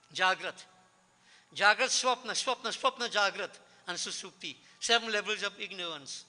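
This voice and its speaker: A man gives an emphatic sermon at a devotional gathering, and his voice sits high. The tone is very bright and cutting. He rings out across a reverberant worship hall, quizzing his listeners and repeating his key words. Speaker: spiritual teacher.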